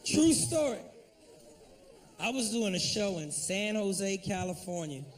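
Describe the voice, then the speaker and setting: A man's voice: high voice, big pitch swings, takes it slowly, distant mic. A man doing a profane, brash stand-up set, jumping in and out of acted-out voices. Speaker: stand-up comedian.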